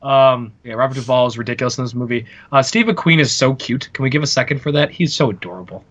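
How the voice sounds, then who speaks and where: A man's voice: medium pitch, fast, a bit bright, dull audio. A man co-hosting a movie podcast in casual chat, talking with enthusiasm and often repeating words as he starts a thought. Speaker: podcast co-host.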